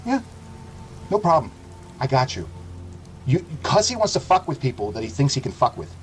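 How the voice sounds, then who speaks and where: A man's voice: medium pitch, very animated, moderate pace, faint music behind, rough recording. Heated, profane male streamer ranting. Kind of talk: angry livestream rant.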